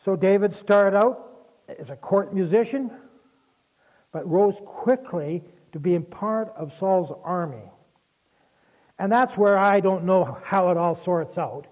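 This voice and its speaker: A man preaching a sermon in a folksy, conversational way, with personal asides. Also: sits high. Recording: tinny phone-like sound.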